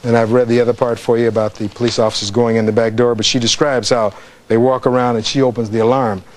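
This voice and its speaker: A man's voice: mid-range voice, level tone, quick pace, a little hiss or hum. A man, a defense attorney, giving a closing argument in a courtroom, reading testimony aloud and putting rhetorical questions to the jury.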